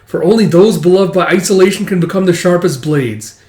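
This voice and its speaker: Pompous lonely swordsman, a man doing the voice, grandiose, declaiming, high, roomy echo. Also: brisk, darkish tone, lightly acted.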